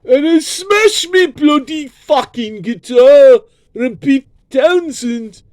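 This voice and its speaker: A boastful young British rock guitarist, as a man puts him on, yelling in a shrill, exaggerated English accent. The voice jumps high above his normal register and sounds brash and rowdy. The recording is dry and close. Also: animated, slow, no room sound, heavily acted. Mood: brash boasting. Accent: put-on English.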